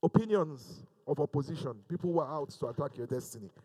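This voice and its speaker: A man's voice: fairly high pitch, animated, fast, warm tone, slightly rough, rough recording. A male pastor preaching a sermon, building emphatic repeated lines and joking with his congregation. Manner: preaching with rising, emphatic repetition; jokes with the congregation.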